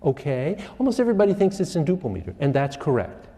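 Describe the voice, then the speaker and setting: Male music lecturer, mellow voice, classroom lecture, reverberant hall. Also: fairly high pitch, fast talker, breathy edge. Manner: lively, asks questions, hums rhythms.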